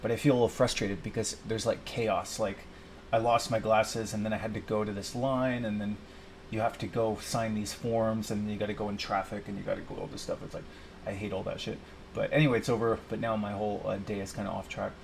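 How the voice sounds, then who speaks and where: A man's voice: lowish voice, flat delivery, a little fast, gravelly, a little hiss or hum. Frustrated man venting to himself. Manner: frustrated, swearing, talks to himself. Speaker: vlogger. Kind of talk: rambling personal vent.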